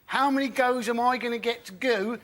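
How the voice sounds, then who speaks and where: A man on a comedy panel, talking in a halting way and restarting his lines. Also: extremely high pitch, a bit bright.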